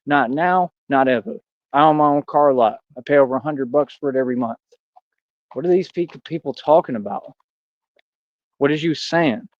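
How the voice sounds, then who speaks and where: A man's voice: fairly high pitch, normal speed, dry recording, lo-fi sound. A man in a rambling livestream rant, boastful and combative, talking straight at his critics. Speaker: streamer.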